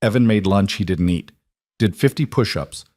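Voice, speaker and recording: A man narrating a scripted drama story in a measured, terse way, recorded close on a studio mic. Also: on the low side, darkish tone, no room sound.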